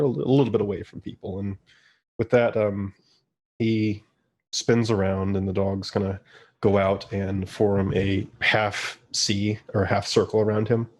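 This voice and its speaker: A man running a tabletop game, narrating scenes in a fairly low voice. His delivery is relaxed and halting, with frequent pauses and fillers. He sounds easygoing and unhurried. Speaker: game master.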